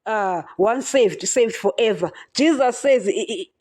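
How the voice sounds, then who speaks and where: Impassioned woman preaching, mellow voice. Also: a little high, expressive, a little slow, breathy edge. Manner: impassioned, emphatic, keeps addressing listeners as "guys". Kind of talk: podcast sermon.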